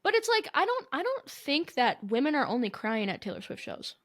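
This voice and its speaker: A woman's voice: high voice, big pitch swings, a little fast, a bit bright. A young woman co-hosting a casual podcast chat, ranting in exasperated disbelief. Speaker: podcast co-host.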